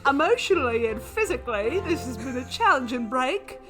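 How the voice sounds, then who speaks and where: A woman's voice: high-pitched, very animated, a little fast, music in the background. Woman doing a hammy fake-Cockney racing driver. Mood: mock earnest. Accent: put-on bad Cockney. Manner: hammy, reading a caption with mock poetic flourish. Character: exaggerated male British racing driver impression.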